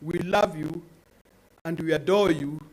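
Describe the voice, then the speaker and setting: A woman's voice: sits low, unhurried, darkish tone, rough recording. A woman giving an earnest spoken tribute at an event. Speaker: family friend giving a tribute.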